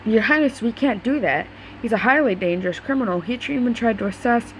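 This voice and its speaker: Jumpy castle guards, read by a woman, quick storybook read-aloud. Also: a little high, animated, slight background noise, lightly acted, rough recording. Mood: nervous. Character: nervous male dungeon guards.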